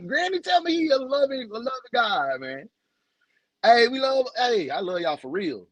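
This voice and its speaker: A man's voice: high-pitched, very animated, moderate pace, fairly bright tone, no room sound, poor audio. A young man with a Southern US accent, hosting a casual livestream in a loose, joking, slangy way and greeting viewers by name. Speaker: livestream host.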